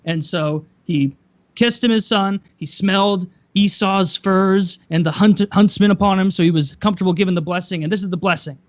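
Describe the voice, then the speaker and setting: A man's voice: high voice, normal speed, lo-fi sound. A man on a podcast, retelling a story casually with crude jokes. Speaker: podcast co-host.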